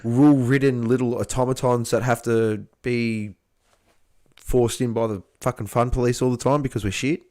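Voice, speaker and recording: A man hosting a casual livestream chat, friendly and halting, often repeating words. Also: medium pitch, fairly even intonation, a little mellow, no echo, studio quality. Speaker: livestream host.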